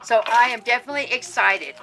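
Casting: effusive woman vlogger, high bright voice, chatty unboxing, emotional. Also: animated, fast, soft background music. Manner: gushing, chatty, frequent fillers and exclamations. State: teary, voice catching at times. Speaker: vlogger running a reborn doll channel. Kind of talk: casual happy mail unboxing. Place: outdoors.

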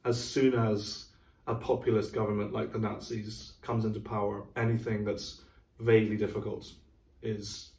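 A man's voice: lowish voice, little pitch movement, normal speed, warm tone, distant mic. A middle-aged man, an orchestra's music director, explaining a program in a thoughtful, casual chat. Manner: thoughtful, explanatory, sings rhythms aloud. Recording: roomy, from off mic.

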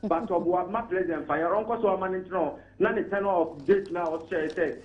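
A man's voice: sits high, fast talker, hardly any pauses, roomy sound, low-quality recording. A man with a Ghanaian accent calling in to a radio talk show, arguing emphatically and mixing Twi and English. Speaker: caller. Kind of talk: radio call-in commentary.

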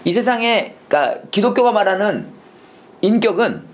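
Rapid-fire male Bible teacher. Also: sits high, sing-song. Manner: drills students with repeated questions, fast switching between languages. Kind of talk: classroom Bible lesson mixing Korean and English.

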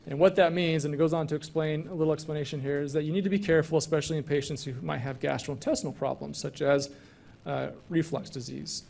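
A man's voice: on the high side, a little mellow. A man who is a physician, giving a conversational grand rounds lecture and walking through slides with casual asides.

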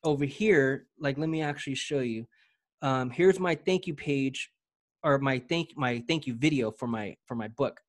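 A man giving a casual, energetic software walkthrough, talking in slang and often repeating his words as he goes. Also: mid-range voice, normal speed. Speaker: presenter demoing software.

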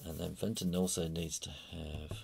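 A man's voice: deep voice, level tone, moderate pace, gravelly, darkish tone. A British man, an illustrator, chatting and laughing often as he talks through a drawing tutorial. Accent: British English.

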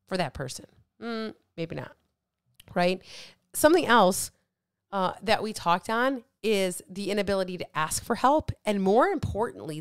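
Woman podcast coach, mid-pitched, blunt and profane, motivational, clean dry recording. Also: clear, resonant tone, no echo. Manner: blunt and emphatic, swears freely; motivational, addresses listeners directly. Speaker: weight loss coach and podcast host. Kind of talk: casual podcast monologue.

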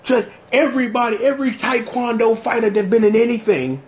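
A man hosting his own casual reaction commentary, slangy and rambling, breaking into high-pitched shouts of disbelief. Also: quick pace, hardly any pauses, slight background noise. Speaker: show host.

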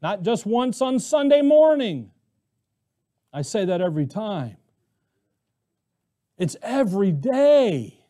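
Pastor, male, very high voice, emphatic sermon delivery full of rhetorical questions. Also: big pitch swings, takes it slowly, pauses often, dark tone. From Arizona, US.

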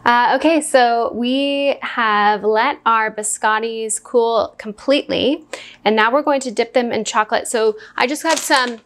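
A woman's voice: fairly high pitch, a little slow, fairly bright tone. Chatty woman demonstrating a bake. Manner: chatty, talks while eating. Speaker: home baker hosting a cooking video. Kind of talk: casual step-by-step cooking demo.

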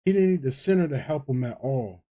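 A young man reacting to football highlights as a streamer, talking casually in heated, profane trash talk and disbelieving exclamations. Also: animated, a little fast, mellow, slight background noise.

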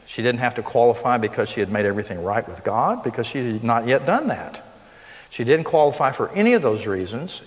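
A man preaching a sermon to a live audience, emphatic, with his voice rising sharply on the points he stresses. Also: mid-range voice. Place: school hall with live audience. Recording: long reverb of a large hall.

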